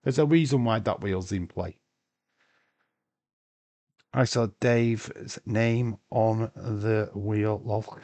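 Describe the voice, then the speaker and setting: A man's voice: on the low side, slow, long pauses, mellow. A man hosting a casual live watch-along stream, chatting loosely, answering viewers' comments and swearing now and then. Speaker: livestream host.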